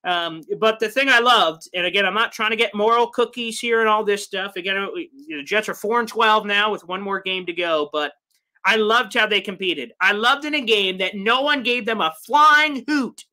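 A man hosting a live sports fan recap, reading viewer comments in an animated, rambling way, his voice strained from yelling. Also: high-pitched, normal speed. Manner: animated, rambling, mock voices for quoted people. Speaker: sports fan show host.

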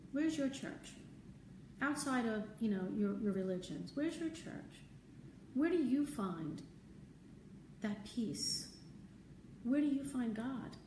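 A woman hosting a live stream as a spiritual teacher, talking gently and conversationally, answering viewer comments and repeating her key phrases. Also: on the high side, a little hiss or hum. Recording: roomy, distant mic, faint ambience.

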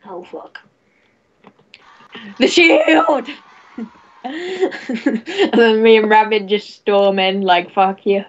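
A woman chatting over game voice chat, teasing her friends, yelling encouragement and swearing freely. Her voice sits high and she talks at an unhurried pace. The audio is a little muffled, as voice chat often is. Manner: rowdy, profane, teasing, cheering others on. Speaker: player in an online wrestling game. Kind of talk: casual gaming voice chat.

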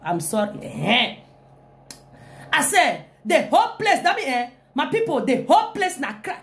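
Brief: young woman, high voice, lively comic live-stream hype. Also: a little slow. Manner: animated, with frequent laughing "hey, hey" exclamations.

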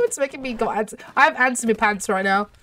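A woman hosting a gaming channel, giving excitable let's-play commentary full of gasps and exclamations. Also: on the high side, fast, distant mic. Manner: excitable, gushing, lots of exclamations.

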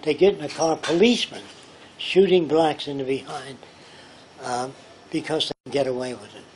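An older man from the United States tells long, winding stories from his past, stopping to act out what others said. His voice sits a little high for a man. A faint hum of background noise runs under the talk. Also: normal speed. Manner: rambling, quotes people in his stories. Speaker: speaker. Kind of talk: anecdotal storytelling talk. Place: pub.

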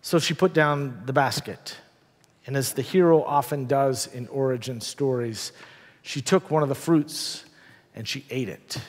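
A male pastor preaching a sermon in a church, telling the story with dramatic pauses and wry asides. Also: medium pitch. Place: church sanctuary. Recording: long church reverb.

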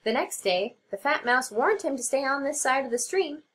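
A woman teacher narrating a children's storybook aloud in an expressive reading. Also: high-pitched, moderate pace.

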